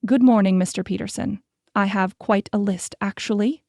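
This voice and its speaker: A woman voicing a composed, genteel young woman who answers with cool, brisk politeness in an audiobook. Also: mid-range voice, darkish tone, dry recording, clean studio sound, natural voice.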